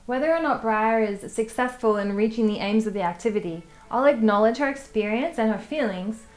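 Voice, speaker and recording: A woman early childhood educator, explaining a lesson in a calm, measured teaching tone. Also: on the high side. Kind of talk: scripted lesson narration.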